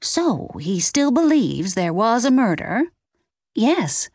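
A woman doing an older grandmother's voice, raised and lively. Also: a little high, slow, dry recording, clean studio sound, voice pushed up, exaggerated voice. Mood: hesitant. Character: elderly grandmother, hesitant, brisk.

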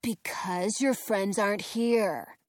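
A woman voicing a literal-minded male castle guard in a storybook, speaking deadpan and matter-of-fact. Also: a little high, takes it slowly, dry recording, studio quality.

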